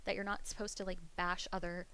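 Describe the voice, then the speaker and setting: A woman's voice: on the low side, level tone, fast talker, bright, forceful tone, smooth, rough recording. A young adult woman streaming live, chatting casually with her viewers in a rambling way, losing her train of thought and laughing often. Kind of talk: casual livestream chat.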